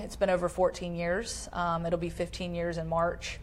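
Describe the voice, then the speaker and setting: On a poor-quality live-stream video, a thirty-something woman being interviewed shares something personal from her life. She speaks sincerely yet stumbles, filling gaps with many fillers, and her delivery is flat.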